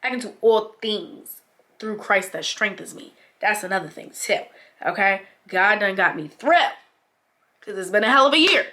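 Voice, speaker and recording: A woman's voice: mid-range voice, normal speed, pushed and bright. A young woman vlogger in a casual sit-down chat, heartfelt and encouraging, full of "like" fillers and close to tears. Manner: chatty, heartfelt, many "like" fillers; encouraging, speaks to other mothers as "mama".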